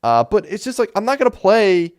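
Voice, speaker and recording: A man's voice: high voice, sing-song, a little fast, darkish tone, smooth. A man hosting a solo podcast, talking casually and animatedly about video games, rambling with lots of fillers and restarts. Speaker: podcast host. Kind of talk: casual solo game talk.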